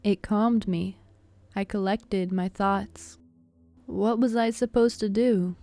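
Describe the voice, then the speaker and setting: A woman narrates a spooky story in a slow, deliberate reading with little rise and fall in her voice. Her tone is dark and mellow and stays steady from line to line. Soft music plays faintly underneath. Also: mid-range voice. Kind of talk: scripted narration. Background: faint background music.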